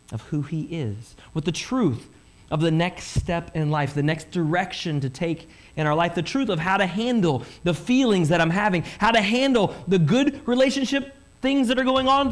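High-voiced man preaching a sermon. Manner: animated preaching, rhetorical questions, voices listeners' thoughts. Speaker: pastor.

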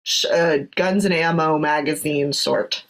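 A woman's voice: low voice, fairly even intonation, measured pace, rough recording. A woman chatting on a comedy podcast with wry, joking asides. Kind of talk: casual comedy podcast chat.

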